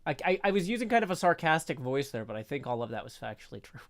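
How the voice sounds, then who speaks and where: A man's voice: on the high side, very animated, fast. A man chatting casually on a livestream, rambling a little and laughing at himself. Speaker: streamer and co-host.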